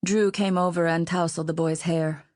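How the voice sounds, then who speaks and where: Audiobook narration comes from a woman with a lowish voice, reading a script in an even, measured way. The studio sound is clean, and there's no room sound.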